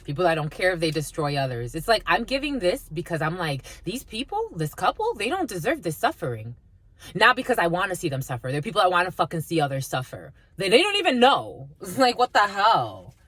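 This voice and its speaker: A woman channeling messages for her viewers in a casual video reading, speaking bluntly and swearing freely. Her voice sits fairly low, yet her pitch swings widely as she gets worked up. The sound is dry and close, with no room echo. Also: fast talker, few pauses, slightly rough. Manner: blunt, heavy swearing, calls viewers "my lovies"; animated, laughs often mid-sentence. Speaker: spiritual reader and channeler. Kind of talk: casual direct-to-camera reading.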